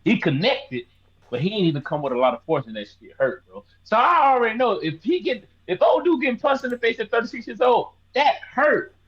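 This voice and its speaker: A man in his thirties co-hosting a sports podcast, joking loudly and swearing in casual banter. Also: extremely high pitch, a little fast, husky, muffled recording. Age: 30s. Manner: loud, animated, swearing banter. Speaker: podcast co-host.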